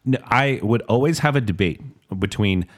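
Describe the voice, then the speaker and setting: A man's voice: medium pitch, lively intonation, normal speed. A man co-hosting a casual chat show, telling easygoing, rambling anecdotes and moving the segments along. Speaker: podcast co-host.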